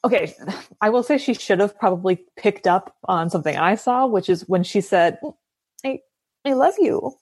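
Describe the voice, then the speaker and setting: A woman's voice: mid-range voice, normal speed, husky, no echo. A woman guest on a podcast, explaining scenes in casual chat and quoting people as she goes. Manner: explanatory, quotes people in character. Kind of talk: casual chat recapping a dating show.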